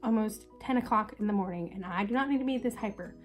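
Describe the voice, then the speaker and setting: A woman's voice: mid-range voice, fast, faint music behind. A young woman with a congested, sick voice chatting casually and upbeat through a makeup tutorial. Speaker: beauty vlogger.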